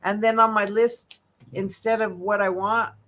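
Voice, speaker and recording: A woman holistic health coach giving an animated, emphatic motivational talk, swinging between loud and soft. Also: medium pitch, measured pace.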